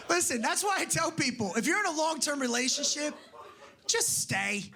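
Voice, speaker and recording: A man's voice: very high voice, gravelly. A man doing a stand-up comedy set, telling profane stories and acting out the dialogue himself. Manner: profane, storytelling, acts out dialogue. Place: comedy club stage.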